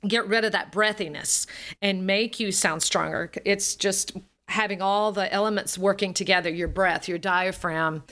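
Woman, voice coach, animated, demonstrates voices, drifts off on tangents. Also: medium pitch, moderate pace. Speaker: voice and singing coach. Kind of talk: podcast interview guest.

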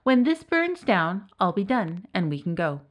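A woman voicing a wily old male tinker in a storybook reading, bright and cheeky. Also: medium pitch, very animated, measured pace. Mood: sly. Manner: bright, sly, cheerful.

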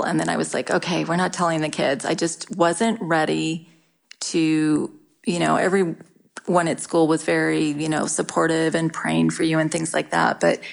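A middle-aged woman talking candidly in an interview, halting often and restarting her sentences. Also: low-pitched, vocal fry. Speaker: guest sharing her cancer story. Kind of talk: casual interview talk.

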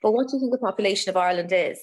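A woman's voice: mid-range voice, very fast. A woman comedian, a podcast guest, chatting casually and repeating words for emphasis. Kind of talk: casual interview chat.

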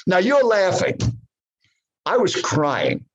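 A man's voice: high-pitched, slow pace, highs cut off. A man in his seventies, a podcast guest, telling his story dramatically and putting questions straight to the host and the listener. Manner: animated, addresses the host directly, poses questions to the listener. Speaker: guest speaker.

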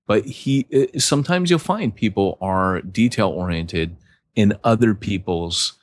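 A man's voice: fairly low pitch, lively intonation, a little slow. A man co-hosting a podcast, chatting in a rambling way with restarts and acted-out quotes. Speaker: podcast co-host. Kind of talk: conversational podcast talk.

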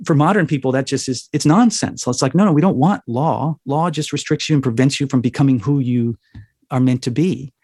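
A reflective man talks through theology in an easy conversational tone, often pausing to check in with a quick question. His voice sits at a middle pitch, and the recording is dry and close. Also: a little mellow, breathy edge, no room sound. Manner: reflective, explanatory, frequent "right?" tag questions. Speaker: guest, minister.

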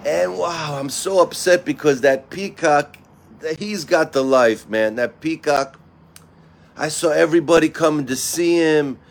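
An envious parrot chatters in a raised, animated voice, performed by a man. He sounds worked up and wide-eyed. It is a simple spoken storybook voice. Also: on the high side, measured pace, creaky, voice pushed up. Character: envious parrot, excited and upset.

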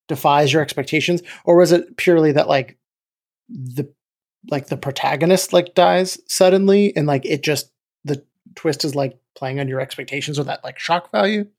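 A podcast co-host in loose comedic chat, circling around questions with plenty of "like"s, mid-range voice, relaxed and talkative among friends. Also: medium pitch. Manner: rambling, lots of fillers. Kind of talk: casual comedic chat about movies.

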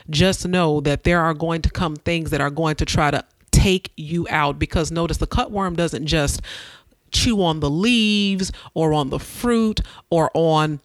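A woman's voice: low-pitched, no echo. A woman hosting her own podcast, giving an earnest, preacher-like motivational talk that repeats phrases for emphasis. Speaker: podcast host.

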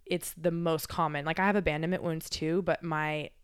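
A woman's voice: sits low, fairly even intonation, normal speed, smooth. A woman in casual chat as a podcast guest, speaking candidly and reflectively, swearing freely and using lots of filler words.

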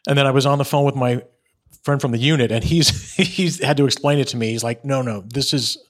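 A man from New York, once a police detective, chats as a podcast guest. His talk is relaxed and conversational, and he laughs easily as he recalls things. His voice sits at a middle pitch. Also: fast.

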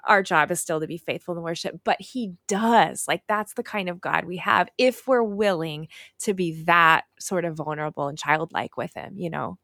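A woman's voice: on the low side, normal speed, vocal fry, hardly any pauses, fairly bright tone, no echo. A middle-aged woman, an author and pastor, earnestly telling a personal faith story as a podcast guest, acting out quoted voices.

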